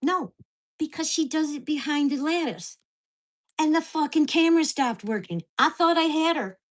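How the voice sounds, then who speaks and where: A woman vlogger ranting to the camera, with profane, fast-shifting storytelling and an exasperated, indignant tone. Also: sits high. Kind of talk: angry rant to camera.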